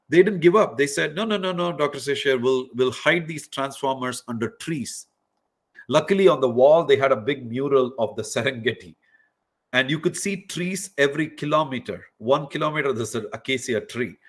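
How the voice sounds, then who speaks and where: A middle-aged man, a professor hosting an interactive online lecture for students, telling stories animatedly, putting questions to his listeners and using many fillers. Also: mid-range voice. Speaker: workshop host and professor.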